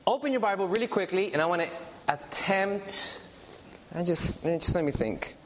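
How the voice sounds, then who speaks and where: A man preaches a sermon in a high, lively voice that climbs and falls with each phrase, speaking straight to the congregation and repeating his main points for emphasis. He talks at a normal speed, with a long large-hall reverb and slight background noise.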